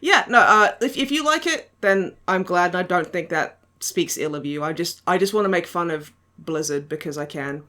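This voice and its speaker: Podcast host, woman, bright and crisp voice, sardonic and giggly, swears freely. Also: on the low side, animated, moderate pace, hardly any pauses. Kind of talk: casual chat.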